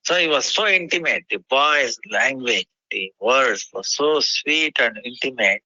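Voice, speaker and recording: A man telling a devotional story in a halting way, often pausing with "you know". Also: medium pitch, lively intonation, pushed and bright, no echo, muffled recording.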